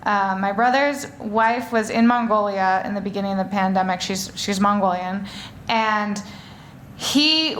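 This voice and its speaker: A woman author talking on stage before an audience, rambling in a chatty way with many fillers and restarts. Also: medium pitch. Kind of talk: live stage conversation.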